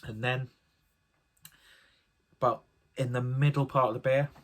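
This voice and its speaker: A man's voice: medium pitch, fairly even intonation, measured pace. A man giving a casual solo beer review, chatty and enthusiastic, often rambling off on tangents.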